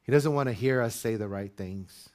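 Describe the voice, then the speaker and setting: A male pastor preaching to his congregation in church, moving from measured teaching into loud, high-pitched exhortation. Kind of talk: sermon.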